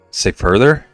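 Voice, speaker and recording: A man's voice: on the low side, dry recording. A man streaming casually while drawing, rambling and chatty, often trailing off into mumbles. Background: faint background music.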